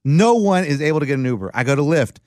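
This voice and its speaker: A man's voice: fairly high pitch, fast talker, dry recording, studio quality. A man telling a story in casual chat, acting out the other people's lines in voices. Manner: animated, acts out dialogue in voices.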